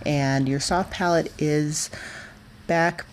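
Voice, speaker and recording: A young woman teaching voice in a chatty, informal way, pausing with fillers and correcting herself. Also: deep voice, fairly even intonation, slight background noise. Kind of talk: casual spoken singing lesson.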